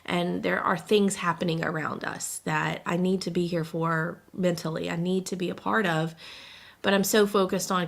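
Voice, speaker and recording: Gravelly-voiced woman venting near tears. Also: on the low side, steady tone, moderate pace. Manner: emotional, venting, close to tears. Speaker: podcast co-host. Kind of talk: casual podcast chat.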